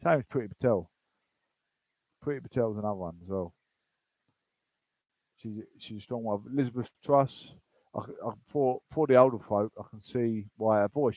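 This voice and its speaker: A man's voice: fairly low pitch, darkish tone, no room sound, poor audio. Chatty man reading news. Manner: rambling, chatty asides. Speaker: political commentary host. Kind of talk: casual commentary reading news aloud.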